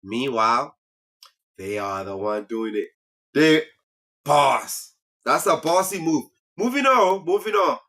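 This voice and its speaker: This comedy talk show host is a man from Liberia whose voice sits on the high side. He speaks slowly with frequent pauses, teasing his way through a relaxed comic monologue, lively and chuckling at his own lines.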